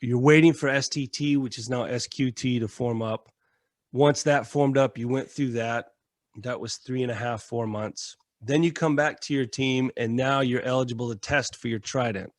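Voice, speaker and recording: A man from the United States, a military veteran and podcast guest, telling stories in a casual, animated way, acting out quotes and swearing freely. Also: medium pitch, moderate pace, dry recording, clean studio sound. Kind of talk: casual storytelling.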